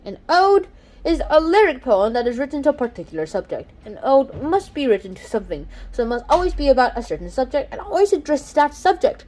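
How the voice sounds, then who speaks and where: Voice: high voice, very animated, brisk, a little mellow. A young host reading a study guide aloud in a casual lesson, stumbling over words and restarting often. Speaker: channel host.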